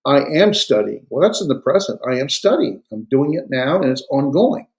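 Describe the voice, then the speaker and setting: A man's voice: medium pitch, very animated, moderate pace, a little mellow. Man lecturing in a casual classroom. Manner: conversational, checks understanding with "right?"; dry sarcastic asides. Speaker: Greek grammar teacher.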